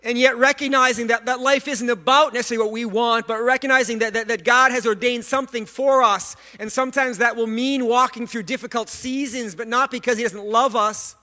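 Bright-voiced, high-pitched male preacher. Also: fairly quick, hardly any pauses. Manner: earnest, animated preaching with repeated words and asides; self-deprecating humor. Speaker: pastor. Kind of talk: sermon.

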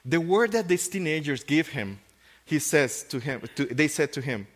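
Earnest preaching man with halting restarts. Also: fairly high pitch, expressive, long reverb tail. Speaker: pastor. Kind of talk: sermon.

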